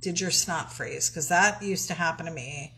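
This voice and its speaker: A woman's voice: sits low, normal speed, a bit bright, poor audio. A woman co-hosting a casual live stream, reading viewer comments aloud and laughing often.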